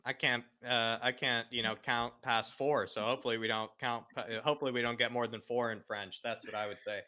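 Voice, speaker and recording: A man's voice: mid-range voice, fairly even intonation, brisk, bright, forceful tone, clear, resonant tone. A man co-hosting a football watch-along, rambling and joking, repeatedly turning to his co-host by name. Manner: rambling, jokey, keeps saying his co-host's name.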